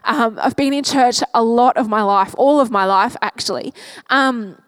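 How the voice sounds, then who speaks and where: A woman pastor speaking to her congregation in an earnest, open-hearted way, first in prayer and then in a sermon. Her voice sits a little higher than most women's, and the sound is dry and close with almost no room echo. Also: normal speed. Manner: earnest and candid, talking openly from the heart. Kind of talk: church service prayer and sermon.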